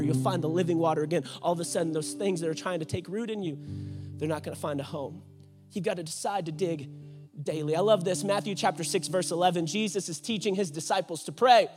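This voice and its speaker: A male pastor preaching a sermon, swinging from hushed, slow lines to loud, repeated prayer cries. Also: high-pitched. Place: church stage.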